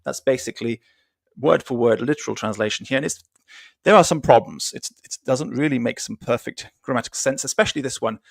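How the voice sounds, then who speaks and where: A man's voice: mid-range voice, brisk, creaky, no echo, clean studio sound. A man hosting a casual discussion, talking through a book thoughtfully with frequent ums and restarts. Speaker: host.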